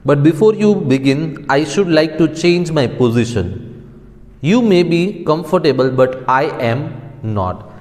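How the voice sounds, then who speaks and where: A male teacher reading the lines of a relaxed, witty man from a play, in a long-reverb recording. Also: fairly high pitch, unhurried. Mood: calm ironic. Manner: read aloud plainly from the textbook.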